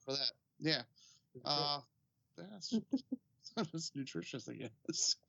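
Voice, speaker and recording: A man co-hosting a podcast in casual banter, giggling and breaking into loud outbursts. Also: on the high side, animated, slow, gravelly, muffled recording, heavy background noise. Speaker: podcast co-host.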